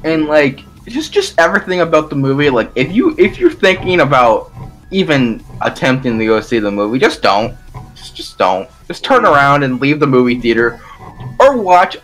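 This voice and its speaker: A man's voice: medium pitch, big pitch swings, moderate pace, fairly bright tone, faint music behind. A young man co-hosting a casual podcast, rambling and emphatic with lots of restarts. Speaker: podcast co-host. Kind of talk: casual chat.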